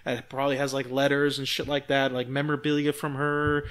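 A man's voice: medium pitch, brisk, clear, resonant tone. A man co-hosting a movie podcast, retelling a film in a rambling, profane, casual way. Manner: rambling, profane, animated retelling with quoted voices. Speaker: podcast co-host. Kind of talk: casual movie review chat.

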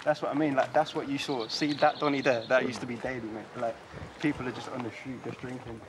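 A man from Poland, chatting animatedly with lots of slang while walking through his childhood neighbourhood. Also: mid-range voice. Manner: animated, slangy, quick to laugh. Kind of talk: casual walking tour chat. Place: outdoors on city streets. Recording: street noise and traffic outdoors.

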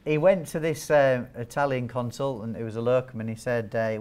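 A man's voice: mid-range voice, steady tone, fairly quick, few pauses, a little mellow, clean tone. A man giving a training talk to nurses as a wound care trainer, chatty and joking, quizzing the audience. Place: training hall with a live audience.

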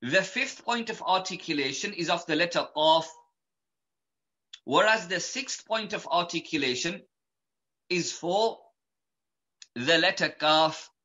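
Guy teaching tajwid slowly, repeats everything, bright tone. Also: a little high, animated, muffled recording. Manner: patient, repeats each point and letter. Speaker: Quran recitation teacher. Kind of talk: slow methodical lesson.

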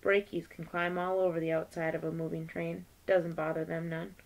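A woman's voice: low-pitched, little pitch movement, moderate pace, gravelly, low-quality recording. A woman teacher reading a novel aloud to her class, page by page, lightly voicing the characters.

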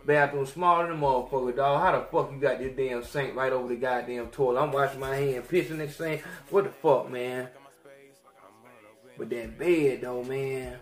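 A young man, a podcast host telling a crude story in a profane, animated rant that swings between loud outbursts and mutters. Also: medium pitch, moderate pace, reverberant.

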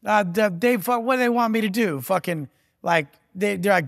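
A man's voice: sits high, moderate pace, vocal fry, fairly bright tone, no room sound, studio quality, big-room sound. A man giving a profane, aggressive motivational rant as a podcast guest, taunting and blunt.

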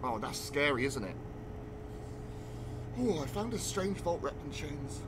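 Swearing freely as he rambles through a casual game stream, a man talks unhurriedly in a higher voice with big swings in pitch. Game music plays amid a noisy background.

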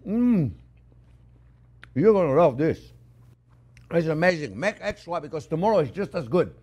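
This cooking show host is a man with a somewhat high voice and a very lively, swooping delivery. He runs a casual cooking demonstration in an animated, chatty way, rambling with lots of fillers and repeated exclamations.

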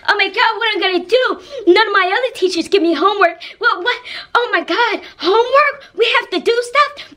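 A squealing, whiny middle-school kid, as a woman puts it on, pitched way up high and crying out in dramatic disbelief. The complaints come in loud, overblown bursts. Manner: whining, exclaiming in disbelief.

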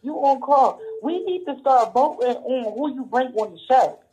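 A man's voice: extremely high pitch, expressive, moderate pace, mellow, lo-fi sound. A man calling into a radio talk show, brash and profane, repeating himself. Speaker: caller. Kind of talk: profane call-in rant.

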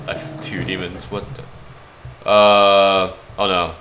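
A man giving excited gameplay commentary as a gaming YouTuber, pleading and shouting at the game and laughing often. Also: sits low, slow pace. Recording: echoey room with game music.

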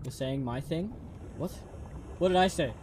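A man's voice: a little high, moderate pace, noisy background. A young man streaming a game, chatting to a friend, giggling and stumbling over restarts. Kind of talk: casual gameplay chat with a friend.

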